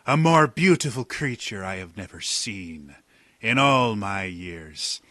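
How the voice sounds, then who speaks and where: A man voicing an oily, flattering male pirate flirt in a tabletop game. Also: on the low side, takes it slowly, dry recording, full character voice. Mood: flirtatious.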